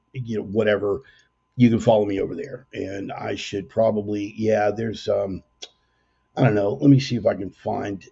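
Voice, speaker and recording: A man's voice: lowish voice, creaky, warm tone, slightly rough, lo-fi sound. A man hosting his show casually from a dining room table, rambling and brash, with frequent self-corrections. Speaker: podcast host. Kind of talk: casual livestream commentary. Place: dining room in a private home. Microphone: laptop.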